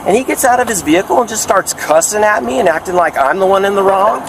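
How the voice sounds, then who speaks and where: A fairly high-voiced man gives police an indignant but orderly retelling. He is recorded outdoors on a body camera, with clear traffic noise behind him. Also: animated, fast, far from the mic. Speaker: complainant, ex-police officer. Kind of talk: account to police. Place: outdoors at a drive-thru. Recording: bodycam audio with street noise.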